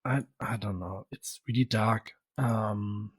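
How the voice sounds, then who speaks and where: A man's voice: lowish voice, fairly even intonation, slow pace, slightly rough, no echo. A man co-hosting a casual podcast, reacting and describing things hesitantly, often trailing off. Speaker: podcast co-host.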